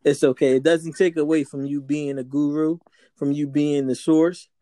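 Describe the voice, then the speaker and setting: A man co-hosts a casual podcast chat, making earnest points and putting on quoted voices to act things out. His voice sits fairly high. It sounds dry and close to the mic. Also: flat delivery, normal speed, dark tone, no echo. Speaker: podcast co-host.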